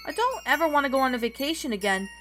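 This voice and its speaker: A woman's voice: sits high, big pitch swings, very fast, pushed and bright, pitched above the performer's own voice, full character voice. A woman voicing a grumpy young female lemur who complains sulkily, with music behind her. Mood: sulky. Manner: sulky, complaining.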